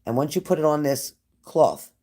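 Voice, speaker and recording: A man's voice: fairly high pitch, expressive, normal speed, warm tone. A man giving a casual live-streamed tarot reading at home, talking straight to a viewer and breaking off into chatty asides. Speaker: psychic tarot reader. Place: at home indoors by a glass sliding door.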